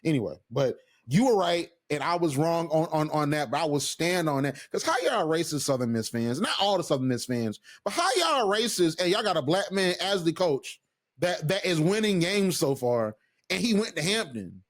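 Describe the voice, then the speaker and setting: A man co-hosting a casual sports podcast, his voice sitting a little higher than most men's. He talks in an animated, emphatic way, stacking restarts and asides as he goes. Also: normal speed. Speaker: podcast co-host.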